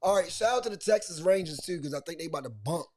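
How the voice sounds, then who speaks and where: A man with a Baltimore accent hosting a casual sports podcast, talking in animated bursts, repeating himself and restarting his sentences. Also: a little high, quick pace. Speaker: podcast host.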